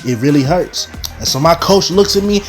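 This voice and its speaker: Animated young man telling a story. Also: on the high side, moderate pace, faint music behind. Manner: animated storyteller, talks straight to the audience. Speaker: vlogger. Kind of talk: casual storytime.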